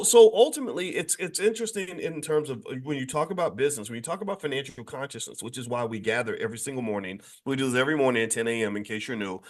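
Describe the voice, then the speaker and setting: Animated man rambling to his audience. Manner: animated, rambling, many restarts and sudden pitch jumps; conversational, addresses the audience directly. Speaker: host of a morning finance show. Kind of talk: casual livestream commentary.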